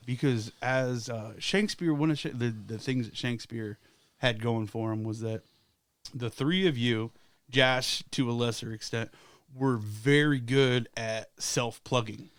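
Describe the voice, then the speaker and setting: A man's voice: medium pitch, unhurried, clean tone, no echo. Male podcast guest, teasing raconteur, dry close mic. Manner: swearing, joking, teasing. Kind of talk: casual storytelling chat.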